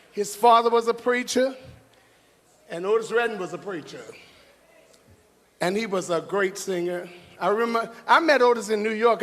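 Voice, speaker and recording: A man's voice: very high-pitched, a bit bright. A man giving an exuberant ceremony speech on stage, hollering, whooping and laughing as he talks, bursting into bits of singing. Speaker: speaker at an awards ceremony. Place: large hall on stage. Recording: large hall reverb with faint music.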